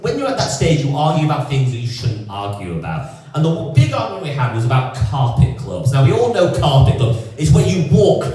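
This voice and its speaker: A man from England doing a stand-up comedy set, sardonic and lively, putting on voices for the people he quotes. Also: on the high side, a little fast. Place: comedy club stage. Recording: roomy echoing club sound from a distance.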